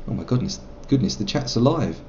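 A man's voice: mid-range voice, animated, brisk, a little mellow, lo-fi sound, slight background noise. A man streaming a game live, musing and rambling about his choices and reading dialogue options aloud with some self-mockery. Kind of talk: live let's play commentary.

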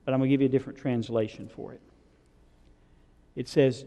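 A man's voice: medium pitch, moderate pace, pauses often, mellow, big-room sound. A man preaching a sermon, retelling scripture in a conversational way and asking the congregation questions. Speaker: pastor. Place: church sanctuary.

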